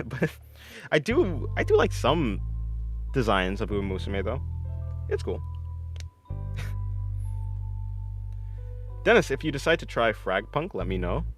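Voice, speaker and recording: A man's voice: mid-range voice, wildly swooping pitch, slow pace, pauses often, faint music behind. A young man chatting on his art stream, answering viewers in a rambling, self-correcting way and laughing often.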